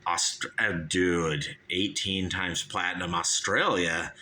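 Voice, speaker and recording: A man's voice: sits low, steady tone, slow pace, sharp tone, slight background noise. A man in his fifties hosting a show, rambling through a casual music review and calling his listeners "you guys". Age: 50s. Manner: rambling, chatty, keeps saying "you guys". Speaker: show host.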